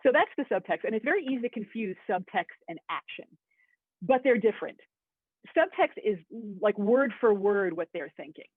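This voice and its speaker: A woman's voice: medium pitch, lively intonation, normal speed, breathy edge, no room sound. Woman teaching acting over tinny audio. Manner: chatty and enthusiastic, with asides. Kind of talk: webinar lesson.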